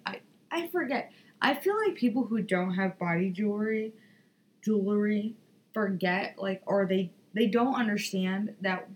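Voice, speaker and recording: A tired woman hosting a podcast, telling a story in a profane, rambling, animated way. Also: medium pitch, slight background noise, low-quality recording. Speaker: podcast host. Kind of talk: casual solo podcast monologue.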